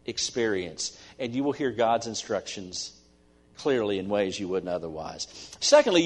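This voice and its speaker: A middle-aged man preaching a sermon as pastor, earnest, swinging between emphatic stresses and soft asides. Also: mid-range voice. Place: church sanctuary. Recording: long church-hall reverb.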